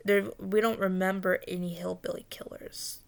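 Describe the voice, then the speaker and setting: A young woman tells a story casually. She rambles and restarts, packs her speech with fillers, and sinks into whispers at the tense moments. Her mid-pitched voice has a gravelly, fry-heavy edge. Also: flat delivery, a little hiss or hum. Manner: rambling, halting, full of fillers, dips into whispers. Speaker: vlogger recounting a dream.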